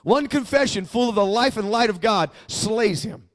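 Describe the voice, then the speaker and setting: A man's voice: high-pitched, animated, moderate pace. A male pastor preaching a sermon, emphatic and prompting the congregation to repeat after him.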